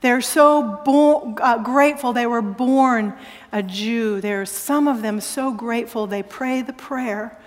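A woman pastor preaching a sermon, telling a story with animated, emphatic exclamations. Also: on the high side, slow, long reverb tail. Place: church sanctuary.

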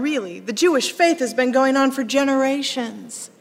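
A woman pastor preaching a sermon, animated, acting out quoted lines with sharp rising questions. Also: sits high, normal speed, gravelly. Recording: long hall reverb.

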